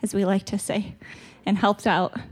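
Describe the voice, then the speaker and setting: A woman's voice: medium pitch, little pitch movement, moderate pace, husky. A South African woman giving a candid, chatty church retreat talk with a stuffy nose, laughing at herself now and then. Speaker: retreat speaker. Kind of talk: conversational church teaching.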